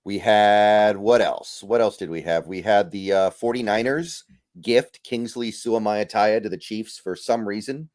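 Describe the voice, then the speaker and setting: A man's voice: fairly low pitch, steady tone, unhurried, darkish tone, no echo, clean studio sound. A man hosting a casual podcast, easygoing and thinking aloud with trailing fillers as he runs through picks. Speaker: podcast host.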